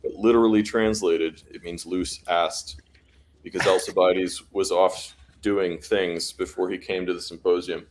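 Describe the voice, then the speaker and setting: A man in a casual chat, explaining things in a measured, storytelling way. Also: low voice, fairly even intonation, a little hiss or hum. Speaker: guest.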